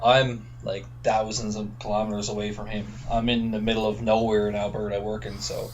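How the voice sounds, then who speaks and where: Over a phone line from a remote work camp, a Newfoundland man co-hosts a podcast in wry, gossipy casual chat. His fairly low voice is flat and brisk, and the audio is dull with faint noise.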